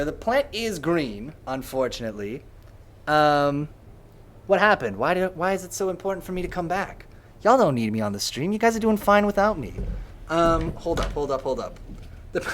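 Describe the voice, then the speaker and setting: A man chatting casually on a live stream, rambling and joking and often repeating himself. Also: a little high.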